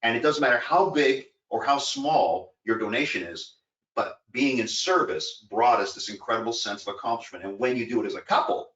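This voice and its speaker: A man's voice: mid-range voice, animated, fairly quick, a bit bright. A man co-hosting a casual talk, telling stories earnestly and rambling a bit with fillers. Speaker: co-host. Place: home in Florida. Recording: echoey distant lo-fi recording.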